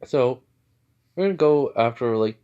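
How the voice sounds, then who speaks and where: Man, casual storyteller, rambling, filler-heavy, mid pitch. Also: lively intonation, measured pace, warm tone, clear, resonant tone, muffled recording. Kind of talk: casual fan-fiction storytelling.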